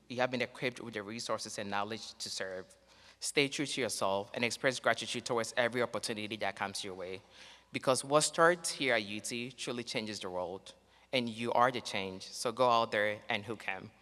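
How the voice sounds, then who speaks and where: A man giving an earnest, measured commencement speech as a graduating student, read from a script in a large ceremony hall. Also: mid-range voice, pushed and bright. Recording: long reverb in a large hall.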